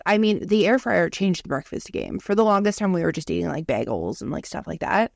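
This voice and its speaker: A woman's voice: medium pitch, a little fast, creaky, hardly any pauses, no echo. Profane storytelling woman, dry sound. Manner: candid, profane, animated storytelling. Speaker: podcast co-host. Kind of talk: casual chat.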